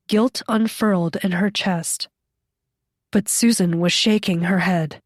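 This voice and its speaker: A woman reading an audiobook as its narrator, in a measured, scripted delivery. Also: medium pitch, dry recording, studio quality.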